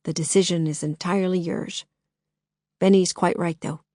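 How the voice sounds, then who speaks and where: A woman's voice: on the low side, normal speed, dry recording, natural voice. A woman doing a lisping Minnesota detective. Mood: calm. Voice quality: dry, creaky voice with a slight lisp. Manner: calm, knowing, gently persuasive. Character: thin saturnine male private detective.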